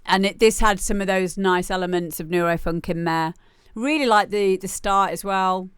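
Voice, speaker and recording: A chatty young woman hosts a music stream, her voice smooth and clear at a middle pitch. She talks casually and jokes with her listeners, now and then breaking into a loud shout. The sound is dry and close, with no room around her. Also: normal speed, no echo. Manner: chatty, jokey, bursts into loud shouts when mimicking. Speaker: radio show host playing listener demos. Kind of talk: casual live-stream chat.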